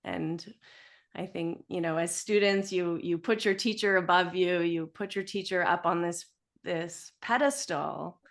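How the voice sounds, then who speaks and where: Chatty woman with a low, gravelly voice. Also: a little slow. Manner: chatty, laughs often, many fillers like "you know". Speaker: yoga teacher sharing memories of her teacher. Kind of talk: casual personal storytelling at a memorial gathering. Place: yoga studio, indoors.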